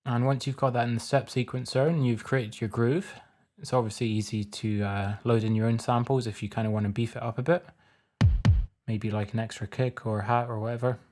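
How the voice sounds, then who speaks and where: A man casually talking through a music production tutorial step by step in a relaxed, plain way. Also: medium pitch, a little fast. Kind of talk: casual screen-recorded tutorial.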